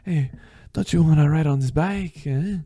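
Picture a suave, flirty Frenchman on a bicycle, all drawn-out sweet talk in a thick put-on French accent, as a man hams it up in a podcast story. The voice sits a little higher than a plain talking voice and stays mellow and soft at the edges. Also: natural voice. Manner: flirty, drawn-out come-on lines.

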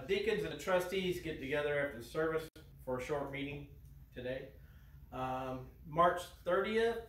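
Brief: relaxed, folksy Midwestern American pastor, a bit high-voiced, recorded from afar in a ringing sanctuary. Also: male voice, slight background noise. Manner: relaxed, homespun, fond of "you know". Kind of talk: folksy joke and church announcements. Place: church sanctuary. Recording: echoey church heard from a distance.

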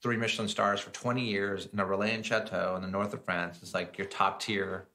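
A man with a bright, forceful voice and a low register tells his kitchen stories. He talks loosely and with energy, full of fillers and asides. It sounds like a relaxed podcast chat. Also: brisk. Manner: animated, slips into lively acted-out voices in his stories. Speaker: guest chef and entrepreneur. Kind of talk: casual storytelling interview.

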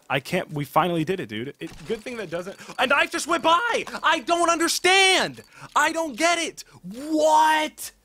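A man hosting a gaming channel, chatting casually as he opens game cases, excitable and swearing with loud bursts of disbelief. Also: on the high side. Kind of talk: casual live commentary while opening game cases.

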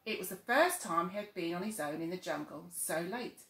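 A woman reading a children's bedtime story aloud, soft and expressive. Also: fairly low pitch, moderate pace, gravelly. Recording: echoey room.

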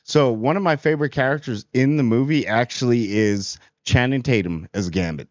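A man's voice: medium pitch, fairly quick, hardly any pauses, no room sound. A man giving a casual, rambling movie review in a chatty, amused way. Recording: dry, slightly dull audio.

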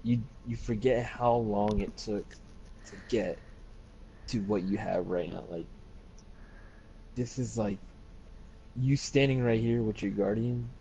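A man chatting casually over game voice chat, relaxed and rambling, swearing now and then. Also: lowish voice, slow pace, pauses often. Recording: dull lo-fi chat audio with faint noise.

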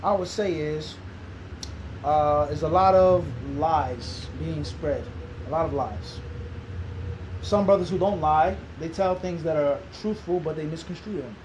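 A man's voice: fairly high pitch, measured pace, darkish tone, muffled recording, a little hiss or hum. A man in his thirties with a Philadelphia accent, giving an interview that turns into a lecture, asking the room rhetorical questions and repeating his points. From Philadelphia, USA. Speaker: interviewed Islamic teacher.

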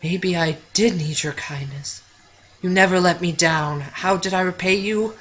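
A man voicing an anxious, apologetic young woman in a video game, reading haltingly. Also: sits high, a bit bright, highs cut off, slight background noise. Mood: remorseful.

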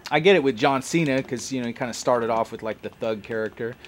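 A let's play host with a fast, medium-pitched voice gives casual, rambling commentary while playing a game, chatting like a longtime fan. A slight hiss or hum runs under the recording.

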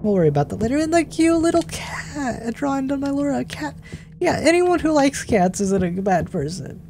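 A young woman giving let's play commentary as a gaming streamer, excitable, gasping and getting emotional as she plays. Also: high-pitched, brisk, background noise. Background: faint game music.

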